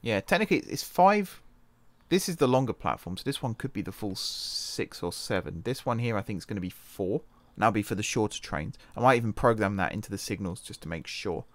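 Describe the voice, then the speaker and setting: Lowish and animated, this UK man talks a little fast, with no room sound in the audio. Hosting a let's-play of a computer game, he muses aloud casually, keeps correcting himself and changing his mind, and mentions wrist pain.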